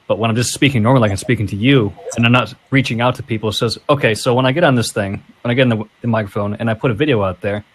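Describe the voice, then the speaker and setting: A man who runs a podcast, speaking in a plain, relaxed way in casual chat. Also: medium pitch, slightly rough.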